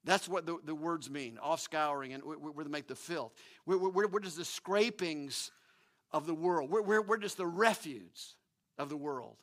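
Bright, high-voiced male pastor preaching. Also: normal speed. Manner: animated, emphatic preaching with repeated restarts. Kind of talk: sermon.

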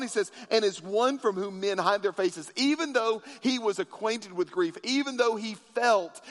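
A high-pitched man delivers an impassioned sermon, rising loud and high for emphasis, then dropping low and soft. His voice rings with the long reverb of a large church sanctuary. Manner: impassioned preaching with big swings in pitch and loudness. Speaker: pastor.

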